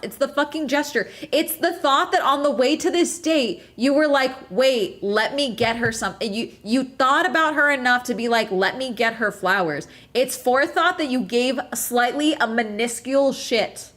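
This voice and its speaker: A woman's voice: sits high, normal speed, few pauses, a bit bright. A woman streamer ranting in casual chat, emphatic and full of swearing. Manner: profane, emphatic, exasperated.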